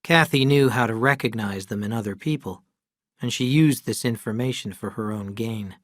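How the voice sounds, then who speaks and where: Man reading a storybook, measured. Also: mid-range voice, no room sound, studio quality. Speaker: narrator. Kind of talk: scripted audiobook narration.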